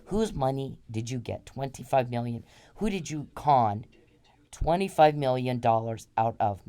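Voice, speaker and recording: A woman's voice: extremely low pitch, a little mellow. A woman hosting a podcast, delivering an angry, repetitive, profane monologue aimed straight at one man. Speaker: podcast host.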